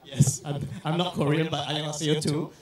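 A man hosting a crowd game on stage with lots of energy, shouting and repeating words quickly over the crowd. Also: a little high, flat delivery, recorded from a distance. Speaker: event host. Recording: echoey hall, heard from afar.

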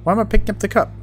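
A man commentating his game playthrough, joking at the game and laughing often. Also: high-pitched. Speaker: gaming channel host. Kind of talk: let's play commentary.

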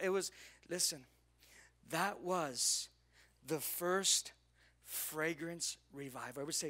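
A man preaching a sermon as pastor, telling the story with drama and acting out its people, swinging between loud emphasis and hushed lines. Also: on the high side, measured pace.

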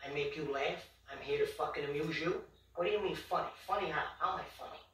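An actor playing a volatile, quick-tempered gangster who tells profane stories and turns menacing. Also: male voice, very high-pitched, expressive, sharp tone, full character voice. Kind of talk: film drama dialogue. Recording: roomy, distant film soundtrack.

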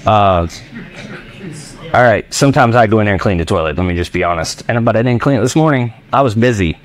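A man preaching a sermon as pastor in a church, animated and jokey, acting out voices of his listeners. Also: lowish voice, brisk.

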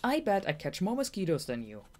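A woman's voice: lowish voice, wildly swooping pitch, darkish tone, voice pushed up. A woman reading an audiobook, voicing a young male bat who is a hot-tempered, boastful runt. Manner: eager, boastful, quick to take offense.

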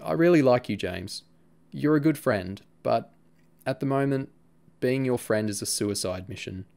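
A man voicing a cheeky, excitable teenage schoolboy who teases his friend and bursts out laughing. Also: mid-range voice, moderate pace, vocal fry. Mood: evasive.

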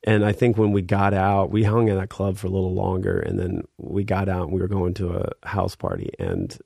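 A man's voice: low-pitched, expressive, a little fast, vocal fry, mellow, slightly rough, no room sound, studio quality. A man in his thirties, a guest musician, telling a story in a laid-back way with many fillers, getting livelier as he acts out scenes. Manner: laid-back, filler-heavy, reenacts scenes with rising energy. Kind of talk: casual storytelling.

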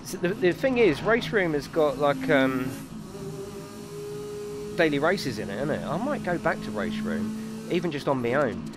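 A man's voice: a little high, very animated, normal speed, long pauses, loud music behind the voice. A man hosting a live racing stream from his home rig, chatting casually with viewers, swearing and exaggerating as he talks.

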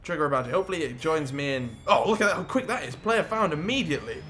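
A young man giving excitable, jokey gameplay commentary as a gaming YouTuber. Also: fairly high pitch, fast. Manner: excitable, jokey, swears and laughs often.

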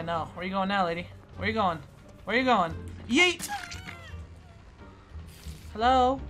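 A woman giving casual commentary on her own gameplay, playfully taunting the other players and swinging from quiet mutters to loud squeals. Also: medium pitch. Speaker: gaming YouTuber.

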